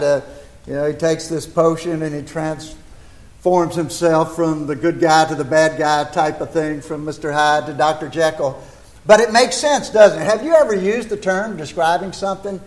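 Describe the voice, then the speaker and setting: A man's voice: fairly high pitch, moderate pace. An older American man preaching a folksy sermon in a church, talking chattily into a microphone and asking rhetorical questions. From United States.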